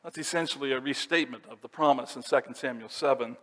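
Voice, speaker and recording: A male pastor of middle pitch preaching a sermon and working through scripture verse by verse. He explains each passage in a steady teaching manner. His voice carries a long reverb from a church sanctuary. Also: quick pace.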